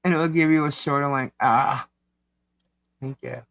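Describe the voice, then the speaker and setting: A man with a New York accent co-hosting a casual livestream, reading chat comments out loud in a scattered, distracted way. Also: mid-range voice, steady tone, normal speed, creaky, no room sound, dull audio. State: hiccups. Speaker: livestream co-host. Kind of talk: casual live-stream chat.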